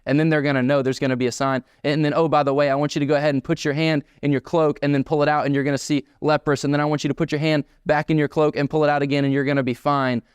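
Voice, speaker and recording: A man preaching a sermon as pastor, animated and emphatic, voicing quoted dialogue in bursts. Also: on the high side, very fast, few pauses, smooth, no echo, studio quality.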